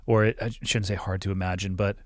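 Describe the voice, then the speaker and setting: A man's voice: deep voice, flat delivery, fast talker, no room sound, studio quality. A male podcast host asking thoughtful, probing follow-up questions. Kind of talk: interview questions.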